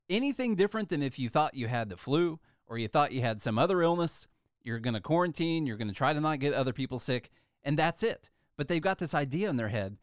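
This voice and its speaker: Man, host, reads news aloud, sarcastic asides, slightly high voice, dry close sound. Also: no room sound. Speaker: show host reading news. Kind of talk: casual news commentary.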